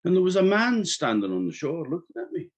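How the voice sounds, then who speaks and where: Husky Orcadian storyteller, lively telling. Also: male voice, fairly high pitch, fairly quick. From Orkney. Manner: lively, conversational, wry asides to the audience. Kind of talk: live first-person folktale telling. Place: evening storytelling event. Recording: dull lo-fi recording.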